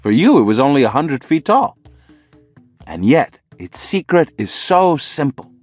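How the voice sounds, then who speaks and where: A man reading the lines of a male sorcerer teacher in an audiobook, matter-of-fact and gently mocking. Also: fairly high pitch, very animated, unhurried, dry recording, faint music behind, pitched above the performer's own voice. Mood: calm.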